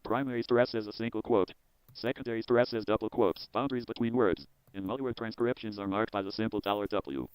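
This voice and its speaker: A man hosting his own video, reading a technical software manual aloud in a measured, word-by-word way with small restarts. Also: on the low side, smooth, no echo, low-quality recording. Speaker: host.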